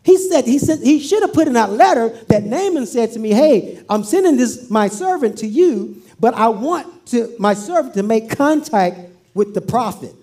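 A woman's voice: fairly high pitch, animated, normal speed, mellow. A woman pastor preaching a sermon, playfully acting out scripture with humor.

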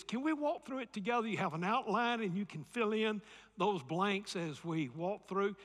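Southern male pastor, high lively voice, emphatic sermon delivery, big echoing hall. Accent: Southern American. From Alabama, USA. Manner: emphatic preaching, repeats key phrases, calls for audience response.

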